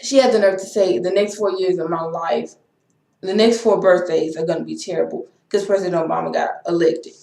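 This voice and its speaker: A woman's voice: lowish voice, fairly even intonation, a little fast, vocal fry, mellow. A young woman, talking in an impassioned, repetitive way in a personal vlog. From Texas. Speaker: vlogger. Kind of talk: emotional personal vlog rant. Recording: echoey room.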